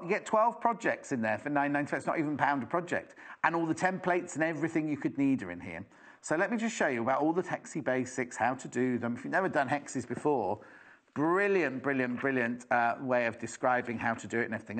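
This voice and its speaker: A British man with a slightly high-pitched voice presents products on live shopping television. His delivery is chatty and enthusiastic, full of rambling asides. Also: fairly bright tone.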